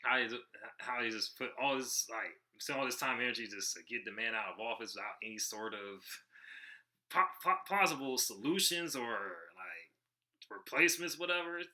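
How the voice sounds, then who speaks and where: A man's voice: medium pitch, lively intonation, normal speed, pushed and bright. A man hosting a reaction video, commenting casually with frequent laughs and stammered restarts.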